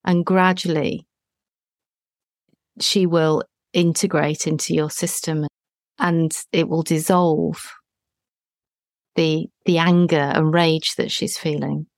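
A woman, hosting a gentle therapeutic conversation in a calm, reassuring, deliberate way. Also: low-pitched, no echo, studio quality. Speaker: healing practitioner, podcast host.

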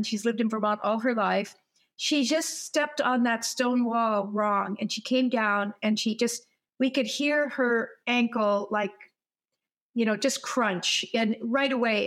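A woman's voice: a little high, fairly bright tone. An older woman hosting an interview, telling stories in an enthusiastic, conversational way. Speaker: host.

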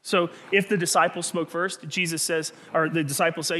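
A pastor preaching a sermon in an animated, conversational storytelling manner, often restarting his phrases. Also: fairly high pitch, normal speed, hardly any pauses.

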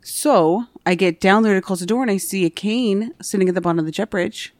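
A woman's voice: medium pitch, brisk, no room sound. Young woman gate agent rambling through a work story, lots of likes, dry close sound. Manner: animated, fillers of "like", acts out quotes. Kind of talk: casual storytelling chat.

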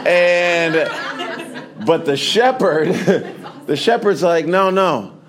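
A man's voice: a little high, expressive, drawn-out words. A male pastor giving a conversational sermon that builds to emphatic preaching before a congregation. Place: large hall with a congregation. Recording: crowd audible in a large hall. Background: congregation responding.

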